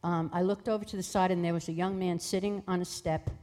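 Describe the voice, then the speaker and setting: Woman telling a lively personal story. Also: on the low side, fast talker. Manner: lively, acts out voices in quoted dialogue. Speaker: guest sharing a testimony.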